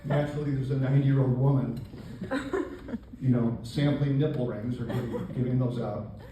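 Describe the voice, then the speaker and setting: An older man performing a stand-up comedy set on a club stage, with a deadpan, self-mocking delivery. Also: medium pitch, moderate pace, dull audio, background noise. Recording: echoey live club, distant mic. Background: audience laughter.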